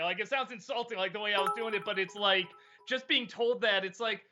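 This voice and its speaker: A man's voice: high-pitched, a little fast, few pauses, sharp tone, dull audio. A middle-aged man answering viewer questions in a casual livestream chat, rambling, laughing often and swearing freely.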